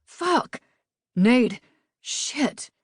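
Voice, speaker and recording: A woman's voice: mid-range voice, animated, normal speed, no echo, clean studio sound, pitched above the performer's own voice, close to an everyday voice. A woman voicing an amiable male US marshal with a Southern accent and a teasing, easygoing manner. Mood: pained.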